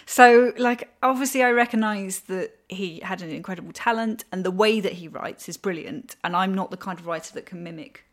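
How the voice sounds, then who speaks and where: A woman's voice: mid-range voice, a little fast, few pauses. A woman from Britain, a crime writer being interviewed on a podcast, talking casually, laughing often and restarting her sentences.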